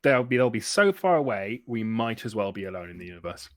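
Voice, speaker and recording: Man, podcast regular, lively pitch, jokey, cuts in often. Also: brisk. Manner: animated, jokey, interrupts. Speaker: podcast host. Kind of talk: casual pub chat.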